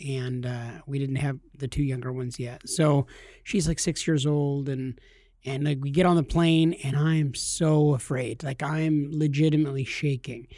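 A man's voice: medium pitch, a little mellow, dry recording, studio quality. A man in his thirties telling a funny personal story in a rambling, self-deprecating way, with a lot of "like". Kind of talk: casual comedic storytelling.

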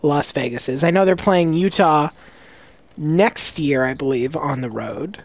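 A man co-hosting a casual chat, wry and quick to laugh. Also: on the high side, no room sound. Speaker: co-host.

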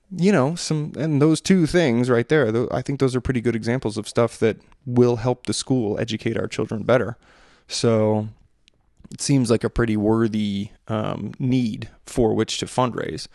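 A man's voice: mid-range voice, a little mellow, no room sound, clean studio sound. A man in his thirties talking through his thoughts in a rambling, hesitant monologue full of fillers and restarts. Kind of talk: reflective solo monologue.

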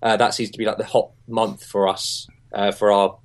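A man co-hosting a casual podcast, quick to laugh and trade jokes. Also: fairly low pitch, flat delivery. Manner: giggly, jokey banter. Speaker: podcast co-host. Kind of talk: casual chat.

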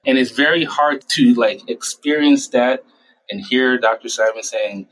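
A young adult man, a child psychiatrist, giving conversational interview answers and acting out parents and himself in quick little voices. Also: mid-range voice, a bit bright, low-quality recording. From United States.

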